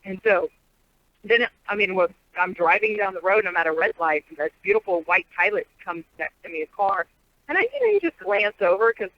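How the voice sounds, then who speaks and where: A woman telling stories as an interview guest, a lively storyteller and prophetic teacher. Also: medium pitch, brisk, no room sound. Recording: dull lo-fi sound.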